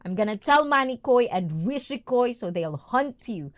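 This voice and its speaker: A woman's voice: a little high, animated, normal speed. A bubbly, giggly woman of Filipina-Japanese background chatting casually as a livestream host, greeting viewers one after another. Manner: bubbly, giggly, mixes in Tagalog and Japanese words. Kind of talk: casual livestream chat reading the chat.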